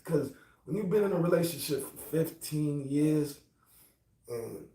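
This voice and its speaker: A middle-aged man telling a personal story in a profane, animated rant. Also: a little high, unhurried. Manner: animated, profane, builds to angry outbursts. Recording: roomy, distant from mic.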